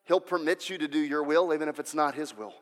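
A male preacher retelling a story in a sermon, restarting words and rising to shouted climaxes. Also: on the high side, fast talker, in a large hall. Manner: restless, repeats words, builds to shouting.

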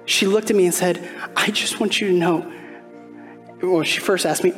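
A man's voice: high voice, steady tone, moderate pace. A man preaching a sermon as pastor, telling a personal story in a conversational way and putting questions straight to the congregation. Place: church sanctuary. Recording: long hall reverb, faint music behind.

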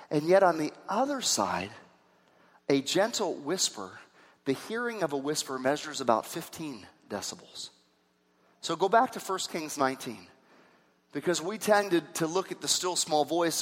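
A man preaching a sermon, swinging from hushed tones to shouts. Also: fairly high pitch. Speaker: pastor. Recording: long reverb of a hall.

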